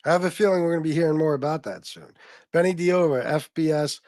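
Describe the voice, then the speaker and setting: A man's voice: fairly high pitch, fast, darkish tone, no echo, clean studio sound. A man hosting a livestream, chatting casually and rambling, swearing often and laughing as he reads comments from his viewers. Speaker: livestream host.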